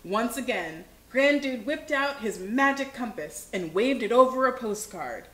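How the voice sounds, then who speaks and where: A woman hosting a children's livestream, reading a picture book aloud with animated expression. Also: a little high, unhurried. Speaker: children's show host. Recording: echoey room.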